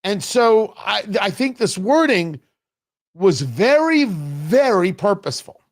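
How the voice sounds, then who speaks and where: A man's voice: sits high, sing-song. A man hosting a political talk show, giving emphatic, opinionated commentary. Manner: emphatic, opinionated, drawn-out pauses for stress.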